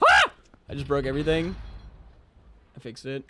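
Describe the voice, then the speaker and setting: A man streaming a video game, rambling and joking with chat and breaking into loud excited outbursts. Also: mid-range voice, a little fast, noisy background. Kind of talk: casual live-stream chatter.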